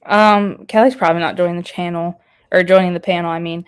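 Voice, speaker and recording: Her fairly low voice stays steady and smooth while she talks fast. She's a woman running a relaxed live stream, chatting away and laughing a lot as she reads viewers' comments out loud.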